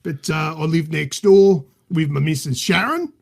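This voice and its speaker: A man with an Australian accent, speaking a little slowly in a fairly high, a little mellow voice with vocal fry, plays a crude, self-aggrandizing middle-aged bloke as a podcast guest. The improvised comedy character is cheeky, rambles, and swears freely.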